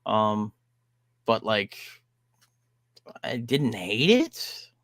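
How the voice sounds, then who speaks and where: A man's voice: fairly low pitch, very animated, very slow, fairly bright tone, no echo, clean studio sound. Rambling casual male podcast host. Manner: rambling, lots of "like" and "um"; frank, swears casually. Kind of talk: casual music review chat.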